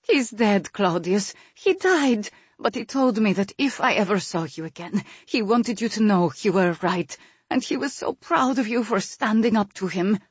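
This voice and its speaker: A woman's voice: medium pitch, animated, moderate pace, breathy edge, dry recording, voice pushed up. A woman voicing a commanding noblewoman mother who is emotional and bossy, in an audiobook reading. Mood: tender. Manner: loud, urgent, commanding.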